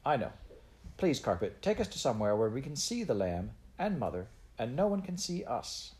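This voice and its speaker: A man reading aloud, voicing a bold schoolboy in a brisk, offhand way. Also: medium pitch, big pitch swings, darkish tone, pitched above the performer's own voice, lightly acted. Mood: eager. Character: bold schoolboy, breezy and know-it-all.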